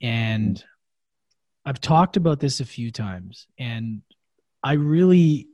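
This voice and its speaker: A man's voice: mid-range voice, lively intonation, slow, a little mellow, no room sound, muffled recording. A man hosting an interview, chatting in a laid-back, rambling way full of "like" and "bro". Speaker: podcast host. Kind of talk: casual interview chat.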